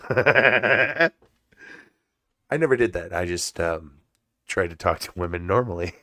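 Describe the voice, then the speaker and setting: A man's voice: low-pitched, slow pace, pushed and bright, no room sound, clean studio sound. A man hosting his own podcast, telling stories in a rambling, profane way and laughing often. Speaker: podcast host. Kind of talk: casual comedic podcast talk.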